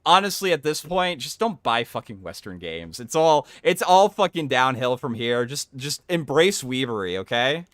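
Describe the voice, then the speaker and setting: A man's voice: mid-range voice, sing-song, moderate pace, few pauses, a bit bright, clean tone, dry recording, clean studio sound. A man doing casual reaction commentary, interrupting with crude, rambling and mocking remarks. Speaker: streamer commentator.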